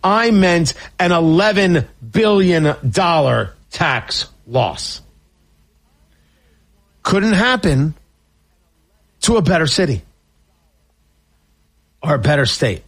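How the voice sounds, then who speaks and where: A man's voice: a little high, big pitch swings, slow, pauses often. A man hosting a political talk radio show, riffing sarcastically on the news.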